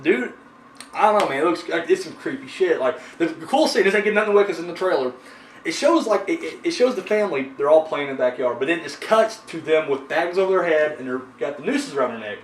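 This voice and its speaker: Man, horror review host, casual rambling chat, fairly high voice, echoey room, heard from a distance. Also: animated, quick pace, a little hiss or hum. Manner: rambling, swears freely, frequent fillers.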